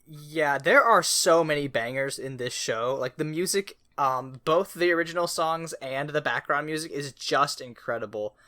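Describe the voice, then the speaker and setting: Speaking at normal speed with few pauses, this podcast co-host has a fairly high, bright, forceful voice. He chats casually in a rambling way, often laughing and filling his talk with fillers and restarts.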